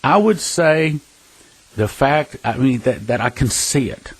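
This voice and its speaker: Husky and animated, this man's medium-pitched voice moves a little slowly as he preaches earnestly and emphatically for a prophecy ministry. He tells personal stories, addresses brothers and sisters, and restarts and chuckles here and there; the recording is dry and rough.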